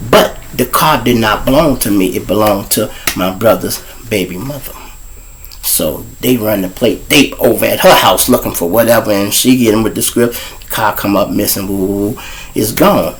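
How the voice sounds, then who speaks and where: A man's voice: on the low side, normal speed, poor audio. A man from Chicago with a Chicago accent, hosting his show and telling raw, profane street stories straight to his listeners. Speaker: host and storyteller. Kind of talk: casual street storytelling.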